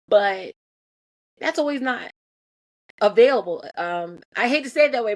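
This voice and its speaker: A woman's voice: medium pitch, animated, a little fast. Earnest self-critical mother talking candidly. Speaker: mother sharing parenting reflections. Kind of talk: candid personal talk.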